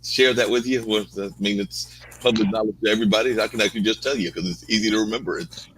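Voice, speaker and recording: A male show host in a casual chat, a little lower-pitched than most men, with a bright edge to his voice. He rambles and keeps saying "like". A faint hum runs under the recording. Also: steady tone, fast talker, poor audio. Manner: rambling, lots of "like".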